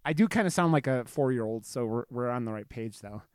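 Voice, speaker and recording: A man's voice: mid-range voice, lively intonation, a little fast, smooth. A man co-hosting a podcast in casual chat, rambling, swearing and joking about himself. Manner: rambling, swearing, self-deprecating. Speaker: podcast co-host.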